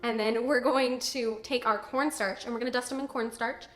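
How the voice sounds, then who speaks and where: A woman's voice: fairly high pitch, steady tone, moderate pace. Bubbly teen girl in an echoey kitchen. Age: teens. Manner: bubbly and joking, chatty asides. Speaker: cooking video host. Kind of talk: casual cooking tutorial.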